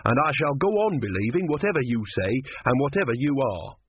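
A man's voice: mid-range voice, very animated, fairly quick, a little hiss or hum, pitched above the performer's own voice, natural voice. Man doing a meek young novice monk. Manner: meek, anxious, pleading. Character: timid earnest young male novice monk. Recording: tinny phone-like, dry.

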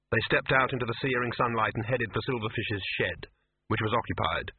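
Husky man narrating an audiobook. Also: mid-range voice, fairly quick, no room sound. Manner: lively, expressive storytelling. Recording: tinny phone-like dry recording.

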